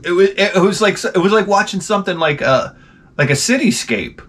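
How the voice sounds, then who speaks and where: Animated New guy telling stories. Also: sits high, moderate pace. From New York. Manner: animated, profane, sarcastic asides. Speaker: gaming channel host. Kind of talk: casual rambling storytelling.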